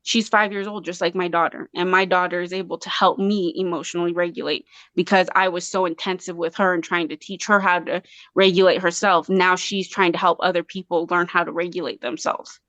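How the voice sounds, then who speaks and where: A woman's voice: on the low side, fairly even intonation, a little fast, a bit bright, no room sound. A woman from Colorado, a guest on an interview show, talking earnestly and passionately with many restarts. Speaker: guest artist and mother. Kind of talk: casual interview talk.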